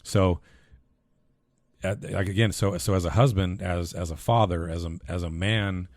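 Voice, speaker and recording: A man's voice: low voice, fairly even intonation, moderate pace, a little mellow, no room sound, clean studio sound. A man co-hosting a podcast who speaks in a heartfelt, earnest way and often repeats words as he restarts his sentences. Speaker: podcast co-host, husband and father. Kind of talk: casual podcast conversation.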